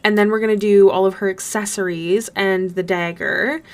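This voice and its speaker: A woman's voice: mid-range voice, steady tone, normal speed. A young woman chatting casually on a live stream while she draws, bubbly and gushing. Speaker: streamer and artist.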